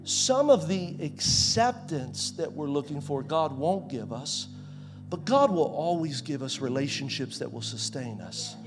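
A pastor in his forties preaching a sermon in a conversational way, swinging from loud to soft. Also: on the high side, lively intonation, measured pace, music in the background. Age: 40s.

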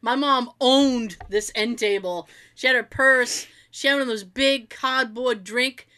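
A woman co-hosting a casual chat, telling family stories in an animated way, swearing freely and acting out what relatives said. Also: fairly high pitch, a little slow.

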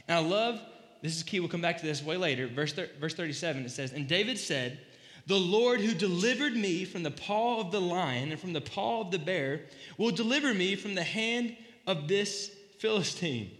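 A man giving a casual, animated sermon, joking and acting out quoted lines as he retells a story. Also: sits high, brisk. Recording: echoey hall, voice slightly distant.

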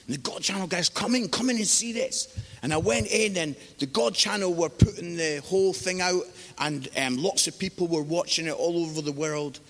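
Male preacher, high and lively, animated sermon delivery, long hall reverb. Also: moderate pace. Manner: animated, exclamatory, mimics voices in stories. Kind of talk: sermon with storytelling.

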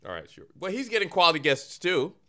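A man's voice: high voice, wildly swooping pitch, fast talker, pushed and bright. A man hosting a casual sports podcast, joking and self-mocking through ad reads and a sports report. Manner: jokey, playful, self-mocking. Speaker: podcast host. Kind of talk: casual chat and comic ad reads.

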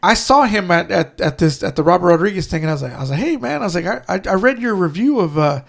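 A man's voice: high-pitched, expressive, fast, gravelly. A man co-hosting a casual podcast chat, telling rambling, profane stories full of restarts. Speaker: podcast co-host.

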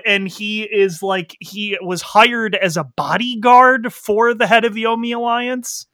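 A man in casual chat who animatedly retells a video game story. He swears freely and acts out the characters in quick quoted lines. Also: high-pitched, pushed and bright, dry recording, clean studio sound.

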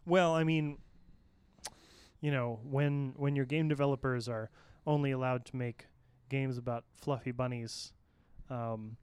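Smooth-voiced male podcast host. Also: medium pitch, fairly even intonation, a little slow, darkish tone, no echo. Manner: reads items steadily, with small restarts and asides. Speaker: host and news reader. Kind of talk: podcast news rundown with banter.

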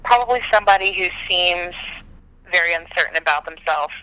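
Very bright, high-voiced animated man. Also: fairly quick, clear, resonant tone, low-quality recording. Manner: animated, dramatic storyteller. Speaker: podcast guest. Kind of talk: casual chat.

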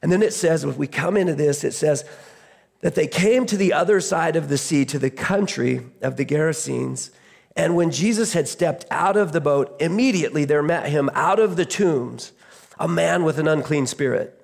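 A man's voice: on the high side, normal speed, vocal fry, darkish tone. A man preaching a sermon as pastor, retelling a scripture story in a conversational way, often restarting his phrases.

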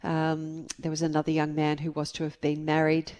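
Low-voiced woman podcaster. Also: monotone, moderate pace, darkish tone. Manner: chatty storyteller, reads out listener messages. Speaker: podcast co-host. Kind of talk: casual podcast chat.

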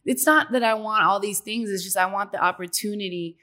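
A young woman guest in a casual interview, chatty and upbeat, laughing often and filling pauses with "um" and "like". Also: mid-range voice, bright, forceful tone. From Dominican heritage. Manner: chatty, laughs often, many fillers and restarts.

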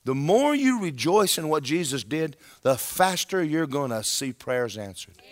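A man delivers a sermon in a lively, conversational style, pressing his points with emphasis and frequently checking in with his audience. His voice sits fairly high, and he takes his time.

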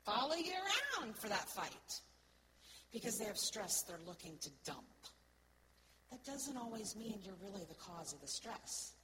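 A woman giving an earnest sermon-style talk to a congregation, often checking in with "right?" and swinging between soft, slow words and loud, stressed ones. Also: medium pitch, big pitch swings, noisy background. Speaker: church speaker.

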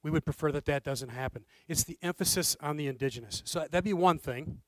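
A man giving interview answers in a measured, explanatory way. His voice sits a little high for a man. The recording is dry and close, with almost no room sound. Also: dry recording, rough recording. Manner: measured and explanatory, checks in with "okay?". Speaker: interview guest.

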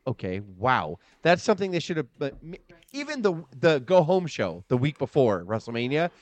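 A man's voice: fairly high pitch, huge pitch swings, moderate pace, no echo. A man in his thirties co-hosting a casual, profane wrestling podcast, ranting about matches with lots of swearing. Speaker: podcast co-host.

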